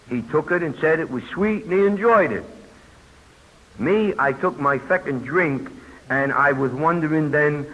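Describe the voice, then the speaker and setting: On muffled old tape full of hiss, an older New Yorker tells his story at a recovery convention as personal testimony. His voice is on the high side, bright and forceful, and he speaks plainly with folksy asides.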